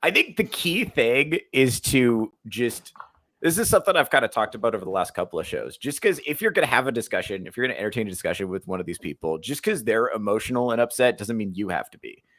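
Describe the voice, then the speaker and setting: Male comedian host, casual and profane, bright voice, swings widely in pitch. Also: fast, dry recording. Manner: animated, laughing, swearing freely. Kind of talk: casual chat.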